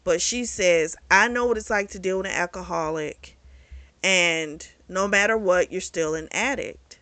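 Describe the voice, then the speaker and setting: Bright, chatty, profane book reviewer. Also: medium pitch, unhurried, no room sound. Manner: candid and profane, chatty storytelling. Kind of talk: casual book review retelling a plot.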